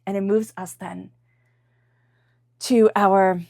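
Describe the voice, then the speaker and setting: A woman giving a spoken tarot reading, chatty and meandering, softly repeating invocations as she draws cards. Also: mid-range voice, level tone, slow, gravelly. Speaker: tarot reader.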